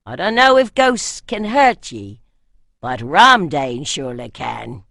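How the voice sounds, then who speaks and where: A woman reader puts on a gruff male warrior from the north, loud and contemptuous. He barks his lines with rough scorn. The storybook recording is dry and close. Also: deep voice, very animated, takes it slowly, no room sound, pitched below the performer's own voice, exaggerated voice. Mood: scornful.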